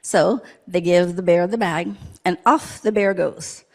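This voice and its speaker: A woman's voice: on the low side, a little slow, darkish tone. A woman in a church service telling a playful story to children, asking them questions as she goes. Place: church sanctuary.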